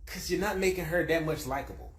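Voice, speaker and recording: A man in a commentary clip, lively and asking rhetorical questions. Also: a little high, fast talker. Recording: echoey room.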